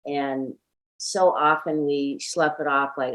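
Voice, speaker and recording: Very low-voiced woman guest, quick and earnest. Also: steady tone, a bit bright, poor audio. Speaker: guest medium. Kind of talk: conversational interview.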